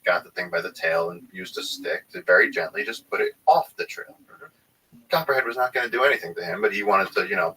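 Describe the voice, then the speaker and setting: A man who handles wild snakes tells field stories in a loose, animated way, full of fillers and restarts. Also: sits low, husky, far from the mic, poor audio. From United States. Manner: animated, filler-heavy storytelling with many restarts. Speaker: guest, wildlife researcher. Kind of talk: casual storytelling conversation.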